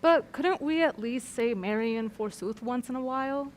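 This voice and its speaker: A woman's voice: fairly high pitch, moderate pace, slight background noise, close to an everyday voice. A young woman playing an earnest female troupe member who loves poetic speech, in a school stage play. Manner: earnest, verse-reciting.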